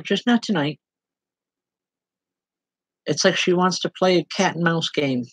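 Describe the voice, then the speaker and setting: A woman's voice: fairly low pitch, moderate pace, pauses often, breathy edge, no room sound, low-quality recording. A woman working as a medium, giving spirit readings online and speaking directly to people by name in an earnest, plain-spoken way.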